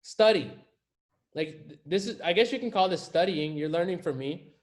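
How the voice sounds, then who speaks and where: A man's voice: fairly high pitch, expressive, moderate pace. A man coaching viewers in a casual motivational talk to camera, emphatic and slangy, often repeating his key phrases for effect. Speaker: life coach.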